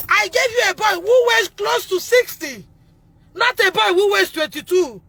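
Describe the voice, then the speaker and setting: A Nigerian woman speaking on a phone livestream, distressed and loud, re-enacting conversations as a mother. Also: very high voice. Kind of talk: emotional livestream testimony.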